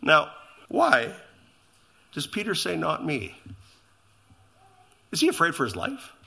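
Male pastor, middle-aged, slightly high voice, lively delivery, chatty sermon with asides to the room. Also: slow pace, creaky. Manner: conversational, animated preaching with asides to the congregation.

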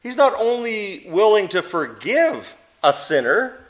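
A man's voice: sits high, sing-song, takes it slowly. A man teaching a Bible study to a group, asking them questions and answering them himself, with emphatic stress on key words.

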